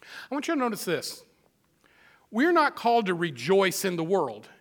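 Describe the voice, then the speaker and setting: Bright high-voiced male preacher. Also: huge pitch swings, normal speed. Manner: emphatic, repeats phrases for stress; conversational asides to the congregation. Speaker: pastor. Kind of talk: sermon.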